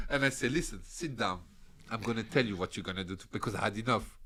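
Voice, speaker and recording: A man's voice: medium pitch, huge pitch swings, brisk, pushed and bright. A man with a French accent telling a story as a podcast guest, laughing often and swearing freely while he acts out other people's lines. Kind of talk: animated storytelling.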